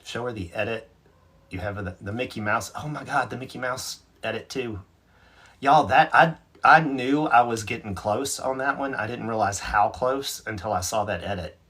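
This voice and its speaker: A man's voice: mid-range voice, normal speed, fairly bright tone, slightly rough. A man from North Carolina, hosting a casual livestream and answering viewer comments in a chatty, self-mocking way. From North Carolina, USA. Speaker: livestream host. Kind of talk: casual live chat, reading out viewer comments.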